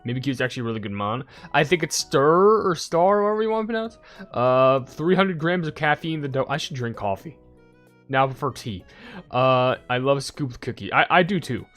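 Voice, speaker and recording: A man's voice: mid-range voice, expressive, fairly bright tone, faint music behind. A young man casually chatting on a livestream, rambling and greeting viewers in chat one by one. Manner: rambling, quick asides, greets chat by name.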